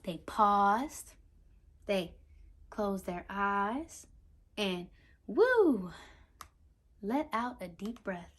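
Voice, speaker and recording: A woman reading a picture book aloud to young children as their teacher, animated and talking straight to her listeners with questions. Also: medium pitch, extremely slow, long pauses. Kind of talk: children's read-aloud lesson.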